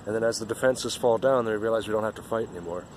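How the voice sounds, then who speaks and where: A man's voice: fairly low pitch, very fast, a little mellow, a little hiss or hum. A man giving an earnest, rambling spiritual monologue outdoors, often repeating himself.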